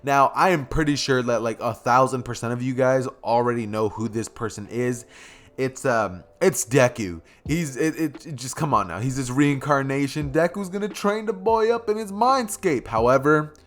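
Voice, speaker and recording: A man's voice: medium pitch, moderate pace, a bit bright. A man narrating a fan story casually as a YouTube host, rambling and chatty with many fillers.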